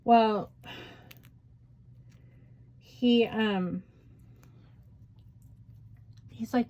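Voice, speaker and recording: A woman's voice: medium pitch, fairly even intonation, extremely slow, pauses often, dark tone, lo-fi sound. A middle-aged woman vlogger telling a story in a rambling, casual way, full of fillers and asides. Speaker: crafting vlogger. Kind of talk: casual chat while journaling.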